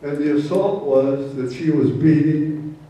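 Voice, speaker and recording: Slow, folksy male storyteller in a hall. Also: on the high side, dark tone, a little hiss or hum. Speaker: storyteller, former prosecutor. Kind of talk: live storytelling performance. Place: indoor storytelling event hall. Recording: roomy hall, mic from far off.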